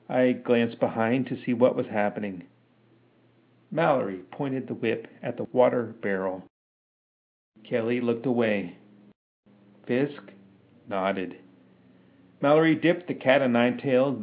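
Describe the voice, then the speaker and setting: A man narrates a novel chapter in a slow, measured reading voice. The sound is thin and tinny, as if it came through a phone line. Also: medium pitch. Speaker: podcast narrator reading his own novel. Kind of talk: audiobook narration.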